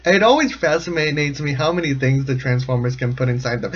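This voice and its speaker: A man talks through a cartoon episode in a loose, comedic commentary style. He rambles, restarts his thoughts and laughs in the middle of sentences. His mid-pitched voice comes through a slightly muffled, lo-fi home recording. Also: lively intonation, moderate pace, slightly rough. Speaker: show commentator.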